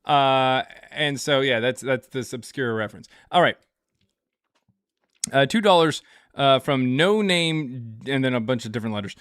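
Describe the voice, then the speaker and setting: Male livestream host, bright voice, dry close mic, jokey rambling chat with viewers. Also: medium pitch, animated, a little slow, clean tone, no echo. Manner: joking, rambling storytelling with laughs; reads out viewer super chats.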